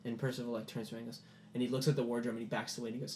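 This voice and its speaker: A man narrating a tabletop game as game master, in animated storytelling. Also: medium pitch, racing, echoey room. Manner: animated storytelling, many "like" fillers.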